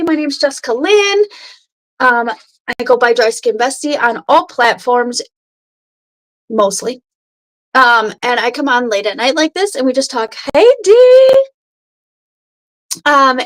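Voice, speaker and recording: A woman's voice: high-pitched, low-quality recording. A woman in her thirties hosting a casual late-night makeup livestream from home, chatting with viewers and greeting them by name.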